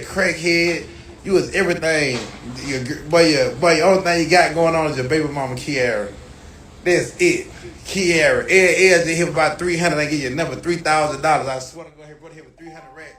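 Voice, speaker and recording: A man telling a story in a loud, animated rant full of cursing. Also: on the high side, brisk. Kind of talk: profane rant. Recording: echoey room, distant mic, faint noise.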